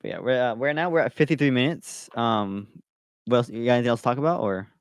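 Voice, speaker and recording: A man's voice: mid-range voice, fast, clear, resonant tone, no room sound, clean studio sound. A man co-hosting a podcast, chatting in a laid-back way and laughing along. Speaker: podcast co-host. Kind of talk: casual chat.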